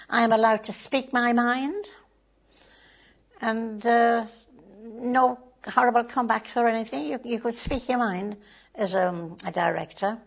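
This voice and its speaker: A woman's voice: a little high, creaky, breathy edge. An older woman, a community volunteer chatting in an interview with homely tag phrases. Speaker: community volunteer and board member. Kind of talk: interview, casual recollection.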